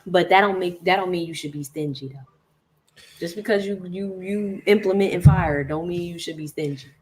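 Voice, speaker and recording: A woman speaks as a guest in a casual livestream chat, earnest and conversational. Her voice is notably low for a woman. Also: moderate pace, poor audio. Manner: earnest, conversational, laughs often.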